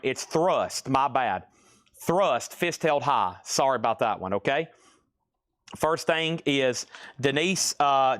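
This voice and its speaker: A man hosting a live-stream record auction, calling out items and prices briskly and often checking in with "okay?". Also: a little high, fairly bright tone.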